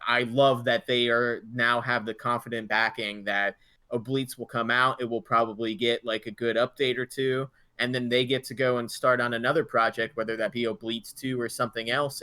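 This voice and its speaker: A man co-hosting a gaming podcast in casual chat, thinking out loud with restarts and fillers. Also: mid-range voice, no room sound. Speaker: podcast co-host.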